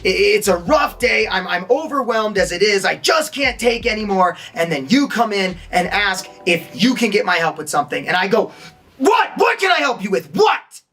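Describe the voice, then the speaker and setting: A man's voice: sits high, a bit bright. Man teaching tone, acting out examples. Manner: demonstrates tones by acting out short lines. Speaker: acting instructor. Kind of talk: online lesson.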